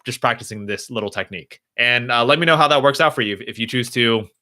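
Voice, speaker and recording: A young man with a medium-pitched voice answers viewers' questions on a live stream, talking fast. He's gentle and reassuring, thinking aloud as he works through each one.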